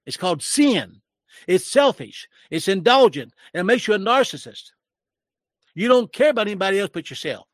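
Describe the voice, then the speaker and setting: A man's voice: high voice, big pitch swings, normal speed, no echo. Older man preaching, close and dry. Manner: emotional, preachy, rising to raised voice. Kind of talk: sermon-like commentary.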